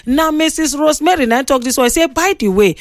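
A high-voiced Nigerian woman hosts a lively talk show, teasing and exclaiming as she reads out listener comments. Her voice sits dry and close, with no room sound. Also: brisk, dry recording. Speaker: radio call-in host reading listener comments.

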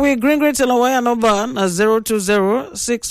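A woman's voice: on the high side, normal speed, hardly any pauses, no echo, studio quality. A woman with a Nigerian accent hosting a radio call-in show, chatty and opinionated as she tells a story. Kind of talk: casual radio talk.

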